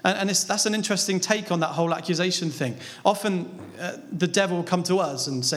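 Talking fast with hardly any pauses, a high-voiced man gives a sermon on a Bible passage. He speaks conversationally and poses rhetorical questions, recorded with a large hall's long reverb.

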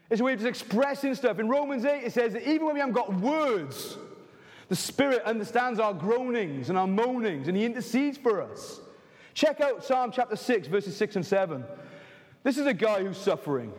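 A man's voice: high voice, animated, normal speed, long pauses, darkish tone. A man, preaching a sermon in a frank, conversational way with jokes and asides. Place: church hall. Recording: reverberant church hall.

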